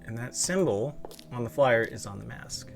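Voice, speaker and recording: A man's voice: medium pitch, expressive, moderate pace, vocal fry. A congested man streaming a game, thinking aloud bluntly and swearing as he plays. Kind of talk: casual live-stream commentary.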